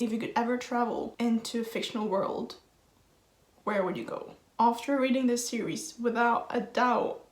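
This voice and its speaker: Gushing young woman, roomy echo. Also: on the high side. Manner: gushing, heartfelt, emotional. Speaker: book vlogger. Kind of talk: casual vlog talk to camera.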